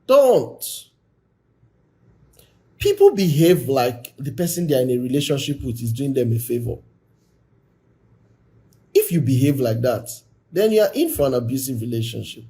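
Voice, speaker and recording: A man giving a blunt, forceful, exhorting talk on a live stream as a relationship coach. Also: mid-range voice, very animated, normal speed, long pauses.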